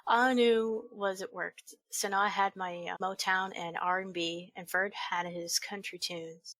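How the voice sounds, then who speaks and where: A woman's voice: medium pitch, fairly even intonation, unhurried, a bit bright, dry recording. A woman reading bad fanfiction aloud for laughs, stopping now and then to mock the text. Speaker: fanfiction reader. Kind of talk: comedic dramatic reading.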